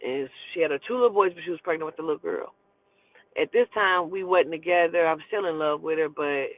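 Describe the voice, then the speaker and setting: A woman telling a personal story in casual, animated, profane speech and acting out the dialogue. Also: low voice, no echo. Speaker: storyteller host. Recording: dry, phone-like thin sound.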